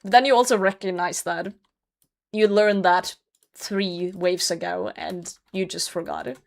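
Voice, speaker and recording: A young woman streams a game and chats casually with viewers, blunt and self-mocking, laughing a lot and cursing when things go wrong. Her voice sits on the low side and sounds creaky, with fairly even intonation and a slightly slow pace.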